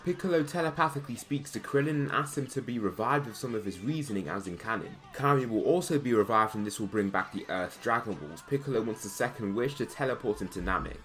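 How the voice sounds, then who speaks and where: A man narrating a fan-made story in a plain, steady way with casual asides. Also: medium pitch, fast, hardly any pauses, faint music behind.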